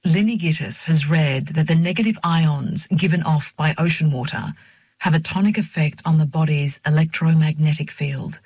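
A woman narrating a first-person novel in a measured, reflective reading voice on a close mic. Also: low-pitched, darkish tone, slightly rough, no echo. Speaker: audiobook narrator.

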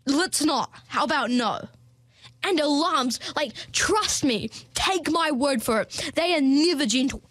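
A woman's voice: high-pitched, lively intonation, a little slow, a bit bright, no room sound. A young woman, hosting a podcast in a playful, chatty comedic monologue full of fillers and jokey asides. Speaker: podcast host.

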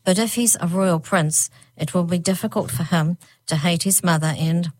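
A stubborn little hag girl speaks up, grim and earnest, a bit huffy when doubted, read by a woman. The voice sits low and close with no room sound. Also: normal speed, no room sound, lightly acted. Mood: determined. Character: small determined young girl hag.

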